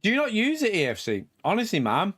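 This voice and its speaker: A man's voice: high voice, wildly swooping pitch, fast talker, fairly bright tone, no room sound, clean studio sound. A middle-aged man from England chatting casually on a live stream through a headset, laughing often between remarks. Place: home.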